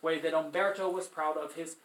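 A man teaching a literature class in a high, bright voice. He talks casually and puts rhetorical questions to his listeners. The echo of the room carries his voice around. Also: fairly even intonation, fairly quick, slight background noise. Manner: conversational, asks students rhetorical questions. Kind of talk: literature lecture with read-aloud passages.

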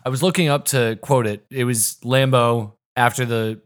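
A man's voice: mid-range voice, steady tone, moderate pace. A man co-hosting a podcast, chatting casually about movie quotes, enthusiastic and swearing freely. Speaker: podcast co-host. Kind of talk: casual chat.

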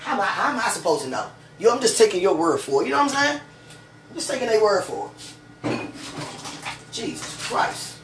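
A woman's voice: medium pitch, a little fast. A woman talking casually and gushingly to her partner at home, rambling with many "you know"s and fervent religious asides. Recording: echoey room, far from the mic, steady background noise.

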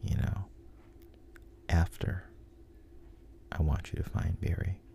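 A man's voice: deep voice, steady tone, slow, creaky, dark tone, full character voice. A man in whispered role-play voicing a weary, stubborn aging male superhero. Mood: wistful.

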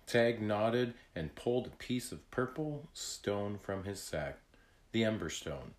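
Slow, deliberate male storyteller. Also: lowish voice. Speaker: narrator. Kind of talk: children's story read-aloud.

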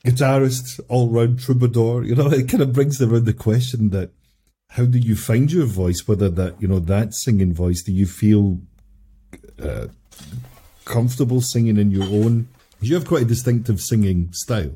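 A man hosting a podcast in easy, casual chat, relaxed and quick to laugh. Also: medium pitch, slightly rough. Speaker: podcast host.

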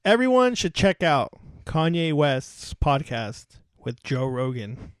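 A man's voice: a little high, sing-song, slow pace, clean tone, no echo, studio quality. A man co-hosting a casual podcast, joking around and laughing often. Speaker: podcast co-host. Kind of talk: casual chat.

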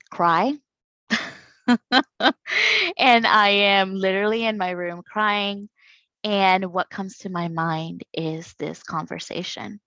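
A woman's voice: lowish voice, fairly bright tone, no echo, lo-fi sound. A woman in her thirties talking candidly and reflectively as a podcast guest, laughing often. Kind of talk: casual conversation.

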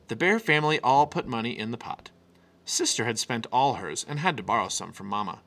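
A man reading a children's picture book aloud with an expressive, animated delivery. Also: mid-range voice, a little fast. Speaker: storyteller.

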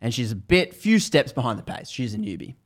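A man's voice: mid-range voice, very animated, fairly quick. A man hosting a podcast, casually retelling a book's story in a loose, rambling way with many restarts.

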